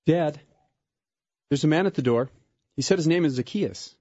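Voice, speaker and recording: A man voicing a small girl in a dramatic story reading, with a husky edge. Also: fairly high pitch, expressive, moderate pace, mellow, highs cut off, pitched above the performer's own voice. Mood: eager. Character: young daughter, a small girl.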